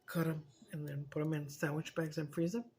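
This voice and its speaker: A woman's voice: sits low, flat delivery, a little fast, dark tone, husky. A woman chatting casually in a vlog, telling stories with feeling, swearing and slipping in Spanish. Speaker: mukbang vlogger. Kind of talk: casual storytelling chat.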